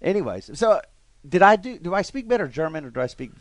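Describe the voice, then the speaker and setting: A middle-aged man from Alabama, telling animated stories and laughing often in a casual chat. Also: high voice, fast talker, dry recording. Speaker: co-host.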